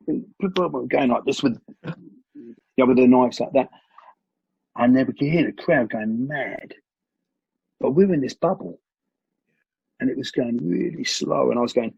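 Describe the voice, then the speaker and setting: A man, a martial arts coach, telling animated stories in a conversational interview, often restarting his sentences. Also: medium pitch, creaky, slightly rough, no echo. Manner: animated storyteller with frequent restarts. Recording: dull lo-fi recording.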